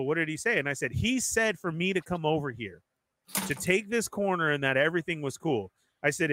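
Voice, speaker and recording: A man's voice: on the high side, sharp tone, no room sound. A man in casual conversation, telling a story animatedly and acting out what others said. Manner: acts out other people's lines in quoted voices. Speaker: storyteller in group chat.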